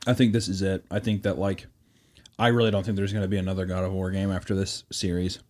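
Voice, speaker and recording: Deep, dark-toned, and level, this man's voice moves at a quick clip as he co-hosts a podcast. His casual talk wanders, packed with fillers and restarts.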